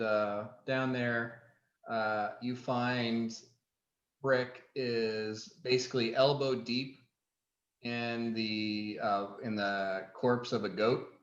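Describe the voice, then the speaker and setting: A man as game master narrating a tabletop scene in an unhurried way, with many fillers. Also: medium pitch, reverberant, highs cut off.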